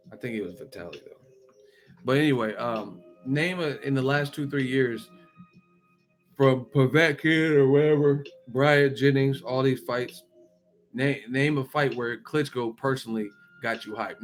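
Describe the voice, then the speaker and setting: A man hosting a boxing channel, riffing in casual, profane commentary and firing off one rhetorical question after another. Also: medium pitch. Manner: animated, profane, rapid-fire rhetorical questions.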